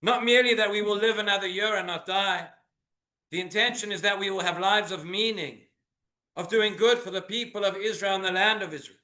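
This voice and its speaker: A man's voice: high voice, sharp tone, echoey room. A man, a rabbi, giving an earnest sermon full of rhetorical questions in a synagogue.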